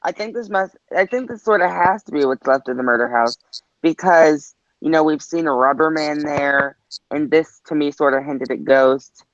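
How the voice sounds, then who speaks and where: Guy panelist musing out loud, keeps saying i don't know, muffled dry audio. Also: a little high, normal speed, no room sound. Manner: tentative, hedging with "I don't know" and "like". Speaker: guest panelist. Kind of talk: casual discussion.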